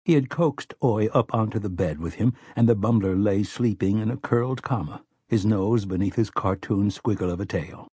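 In a lowish, slightly rough voice, a man narrates an audiobook with a measured, even storytelling delivery. The scripted narration is a dry recording with clean studio sound.

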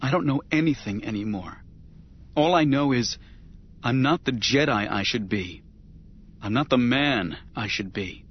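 A man voicing a troubled young male Jedi knight, speaking in a soft, strained, halting way. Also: mid-range voice, expressive, husky, muffled recording. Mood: despairing.

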